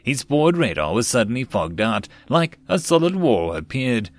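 A man narrating a web novel as an audiobook, in a steady storytelling read. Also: medium pitch, moderate pace, dry recording.

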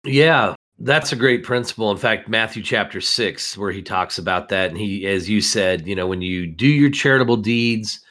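A man's voice: fairly low pitch, moderate pace, hardly any pauses, a bit bright. A man hosting a Bible discussion, reading verses aloud and explaining them earnestly.

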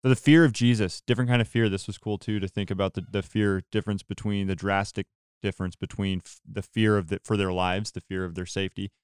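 A man's voice: fairly low pitch, fairly even intonation, fast, few pauses, clear, resonant tone, no echo, clean studio sound. A man hosting a casual church podcast chat, earnest and rambling with many restarts. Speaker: podcast host.

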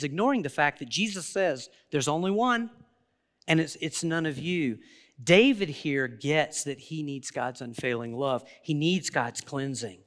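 High-voiced man preaching in a reverberant hall. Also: a bit bright. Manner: earnest, conversational preaching with restarts. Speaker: pastor. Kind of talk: sermon. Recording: long reverb of a large hall.

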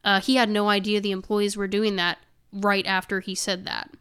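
A woman's voice: mid-range voice, flat delivery, normal speed, fairly bright tone, clear, resonant tone. A woman co-hosting a casual podcast, reading news excerpts aloud and adding indignant, sarcastic comments. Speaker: podcast co-host.

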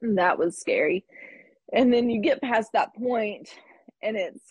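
A woman's voice: a little high, a little slow, slightly rough, no room sound. A woman in her thirties telling a personal story in conversation, candid and reflective, with laughs between thoughts. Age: 30s. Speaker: guest.

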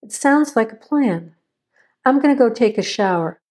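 A woman's voice: a little high, expressive, normal speed, a little mellow. A woman reading the part of a hunted man on the run, curt and stern. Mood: terse. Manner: curt and demanding.

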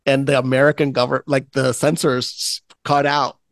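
A man's voice: mid-range voice, level tone, moderate pace, no echo. A man hosting a casual podcast chat, rambling with many restarts. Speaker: podcast host.

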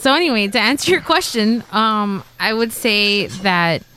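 A woman chatting casually during a movie watch-along, blunt and quick to swear. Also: mid-range voice, expressive, sharp tone, a little hiss or hum, rough recording. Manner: bossy, blunt, swears freely. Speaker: co-host reacting to a movie. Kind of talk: casual movie reaction chat.

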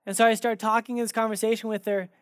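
Male pastor, conversational sermon delivery, animated anecdotes, dry close recording. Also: sits high, fast, no room sound. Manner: animated, acts out quoted dialogue in his stories.

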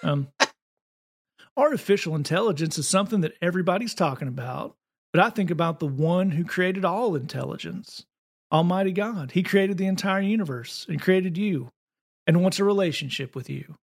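A man's voice: high voice, lively intonation, moderate pace, creaky, exaggerated voice. A man with a Southern accent putting on an exaggerated drawl to play an earnest Southern male evangelist preacher. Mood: pious.

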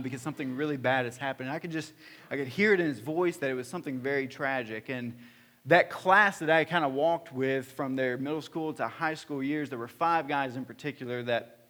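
Earnest and personal, this thirty-something pastor tells stories from the pulpit of a church hall. His mid-range voice is a bit bright, and his delivery is full of fillers and restarts.

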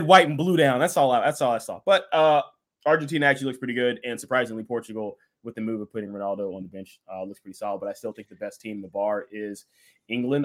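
A man co-hosting a podcast, chatting about sports in a joking, playful way. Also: lowish voice. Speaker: podcast co-host. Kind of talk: casual sports chat.

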